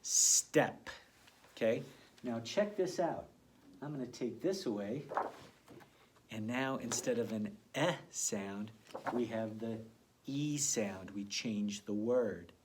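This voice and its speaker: A male teacher leads children through an early reading phonics lesson, sounding out letters slowly and deliberately in a gentle, encouraging manner. His voice is on the low side, with background noise present.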